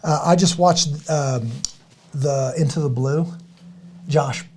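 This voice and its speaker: A middle-aged man hosting a podcast in casual chat, rambling and halting, with many restarts and fillers. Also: on the high side, a little hiss or hum. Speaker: podcast host.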